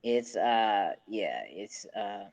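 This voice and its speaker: A man's voice: fairly low pitch, big pitch swings, extremely slow, darkish tone, no room sound. A man hosting a casual live audio chat, laid-back and profane, laughing often. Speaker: host. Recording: dull lo-fi call audio.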